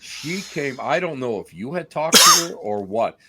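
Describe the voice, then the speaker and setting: Chatty male host with an animated, lively pitch; teasing and quick to laugh, dry close recording. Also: slightly rough, no echo. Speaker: podcast host. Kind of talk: casual chat.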